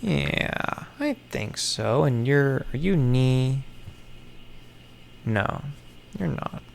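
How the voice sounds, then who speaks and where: A man mutters and thinks aloud to himself in casual solo commentary. He talks slowly, with a gravelly, creaky voice and mid-range pitch, dropping sarcastic asides and offhand swearing. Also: expressive, a little hiss or hum. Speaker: content creator. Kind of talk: casual solo commentary while puzzling something out.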